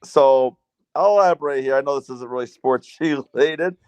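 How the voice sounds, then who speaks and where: A man in his thirties, co-hosting a sports podcast, telling stories in a casual, animated way and jumping up in pitch as he acts out scenes. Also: normal speed, clear, resonant tone, no room sound. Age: 30s. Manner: animated storyteller, voice jumps up when acting out scenes. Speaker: podcast co-host. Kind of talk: casual chat.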